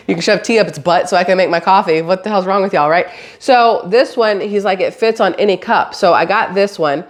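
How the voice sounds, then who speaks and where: A woman, a mother, chatting casually to camera as a vlogger, rambling and swearing lightly. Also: on the low side. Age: adult, has a daughter.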